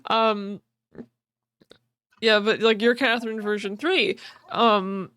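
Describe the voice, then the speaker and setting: A woman's voice: mid-range voice, steady tone, slow, a bit bright, smooth. A woman co-hosting a podcast, explaining a game's story casually with many fillers, restarts and laughs. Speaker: podcast co-host.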